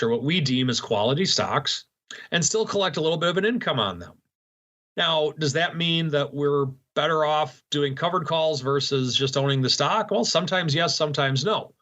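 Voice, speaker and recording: A man with a bright, forceful voice talks through investing ideas in a folksy, casual way and leans on sports analogies. His voice sits a little high. The sound is dull and lo-fi. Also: expressive, normal speed. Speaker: strategy segment guest. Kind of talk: casual finance talk.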